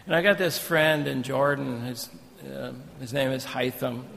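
Male missionary preacher, sermon delivery, gravelly tone, echoing sanctuary. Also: medium pitch, unhurried, a little hiss or hum. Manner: animated, storytelling, jokey asides. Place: church sanctuary.

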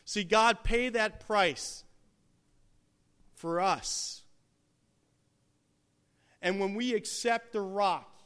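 A man preaching a sermon, swinging from hushed, quiet passages to loud, emphatic peaks. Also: high voice, very slow, pauses often, clear, resonant tone.

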